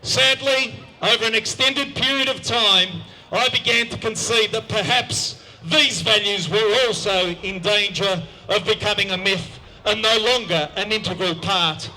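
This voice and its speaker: A man's voice: high-pitched, a little slow, bright, forceful tone, poor audio. A man giving an emphatic public speech at an outdoor park gathering, asking rhetorical questions. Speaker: rally speaker.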